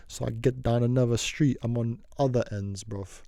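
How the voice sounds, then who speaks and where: A man's voice: mid-range voice, level tone, brisk, few pauses, warm tone, no echo, clean studio sound. A young man telling a rambling, slang-heavy story in a casual vlog, often repeating and circling back. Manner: slangy, meandering, repeats himself.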